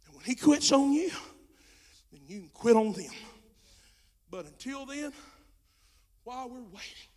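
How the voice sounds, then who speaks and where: A male pastor preaching a sermon with passion, dropping to a hush and then rising to shouts, in folksy Southern speech. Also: extremely high pitch, animated, a little slow. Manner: impassioned preaching, swinging from hushed to shouting. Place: church sanctuary.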